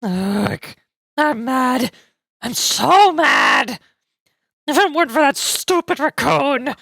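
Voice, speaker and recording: A woman's voice: high voice, animated, unhurried, gravelly, a bit bright, no echo, full character voice. A woman voicing a whiny, indignant girl ranting about losing. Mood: aggrieved. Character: sore-loser girl full of grievance.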